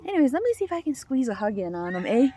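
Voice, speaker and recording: Chatty woman coaxing geese, fairly high voice. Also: very animated, racing, noisy background. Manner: chatty, talks playfully to a goose in sing-song coaxing tones. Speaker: vlogger. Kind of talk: casual vlog narration. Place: outdoors among a flock of geese.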